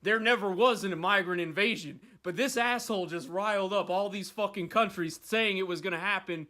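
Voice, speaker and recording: A man's voice: high voice, moderate pace. A young man hosting a podcast, rambling and swearing in casual chat. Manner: rambling, profane, animated. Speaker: podcast host.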